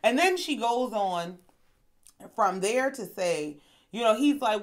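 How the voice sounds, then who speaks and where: A woman hosting a casual reality TV recap, telling the story in a sassy, animated way and acting out the quotes. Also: fairly high pitch, slow pace. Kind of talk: casual commentary.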